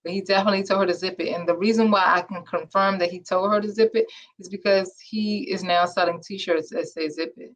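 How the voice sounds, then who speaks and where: A woman co-host with a mid-range voice, chatting in a relaxed way. She teases and jokes, and laughs freely. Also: mid-range voice, fairly quick, hardly any pauses. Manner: playful, teasing, laughs a lot. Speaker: podcast co-host. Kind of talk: casual chat reviewing a reality show.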